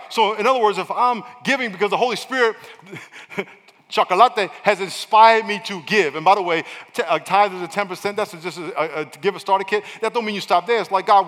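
A middle-aged male pastor preaching a sermon with lots of energy, switching between loud, fiery shouting and quiet, chatty asides to the congregation. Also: high-pitched. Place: large church hall. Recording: long echo of a large hall.

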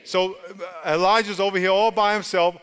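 A man's voice: sits high, fairly even intonation, fairly quick, a bit bright, clear, resonant tone. A male pastor preaching a sermon, leading the crowd in call-and-response. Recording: long hall reverb.

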